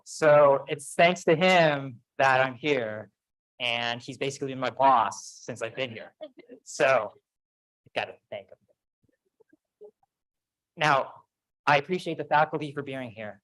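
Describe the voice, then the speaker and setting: A man's voice: medium pitch, unhurried, pauses often, a bit bright, poor audio. A man speaking at a podium microphone in a large auditorium, giving a casual, self-deprecating ceremony speech full of stories. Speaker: faculty speaker.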